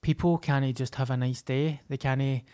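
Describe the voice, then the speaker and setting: A man's voice: mid-range voice, fairly even intonation, moderate pace, dark tone, clear, resonant tone. A Scottish man co-hosting a podcast, telling stories bluntly and swearing in casual chat. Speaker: podcast co-host.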